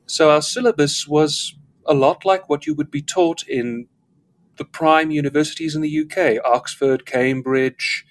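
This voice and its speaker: A man's voice: a little high, fairly even intonation, a little slow. A man from South Africa who speaks with a schooled English accent, a guest telling rambling stories in casual live-show chat. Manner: rambling, wordy storyteller.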